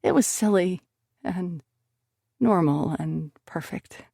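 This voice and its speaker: A woman's voice: fairly low pitch, slow, vocal fry, warm tone, no echo, studio quality. A woman narrating a first-person romance audiobook expressively, lifting her voice on emotional lines.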